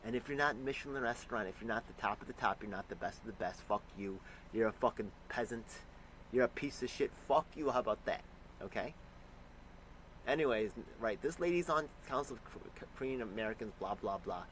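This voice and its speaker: A man angrily reacting to a news clip, ranting and swearing with sudden loud bursts. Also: mid-range voice, animated, brisk, a little hiss or hum, rough recording. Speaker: commentator reacting to news clips. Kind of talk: profane reaction commentary.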